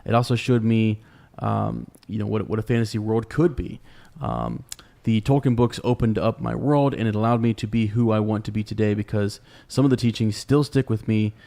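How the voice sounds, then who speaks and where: Low gravelly guy on a podcast, earnest, lots of ums and uhs. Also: moderate pace, few pauses, warm tone. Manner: hesitant, many fillers, earnest. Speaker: podcast co-host. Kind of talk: casual podcast chat.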